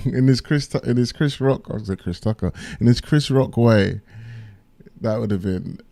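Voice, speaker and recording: A man's voice: medium pitch, unhurried, creaky, mellow, dry recording. A man chatting casually as a streamer, rambling and musing while reacting to a podcast. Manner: rambling, musing, laughs often. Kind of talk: casual live reaction chat.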